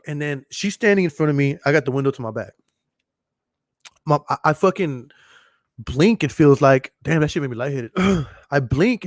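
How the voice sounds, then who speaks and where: A man's voice: on the high side, no room sound, clean studio sound. A man hosting a podcast, telling a long story in a rambling, profane way and repeating himself. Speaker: podcast host. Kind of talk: casual storytelling monologue.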